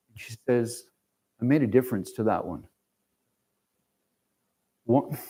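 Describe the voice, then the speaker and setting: A man's voice: medium pitch, darkish tone. A man giving an informal, emotional mission report to a church congregation, rambling with fillers and restarts. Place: church sanctuary.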